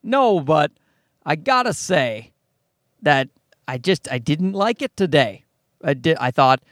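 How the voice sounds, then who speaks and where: A fairly high-voiced man in his thirties rambles through a solo comedy podcast, poking fun at himself and swearing as he goes. His delivery swoops around animatedly, and the close microphone sound is dry and free of room echo. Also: expressive, a little slow, fairly bright tone. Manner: rambling, self-deprecating, profane, with frequent restarts. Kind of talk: casual solo podcast monologue.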